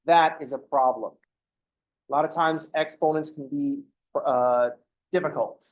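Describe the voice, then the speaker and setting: In a classroom lecture, a man walks a math class through the material step by step, interrupting himself with joking asides. His voice is a little high, with a steady tone and an unhurried pace.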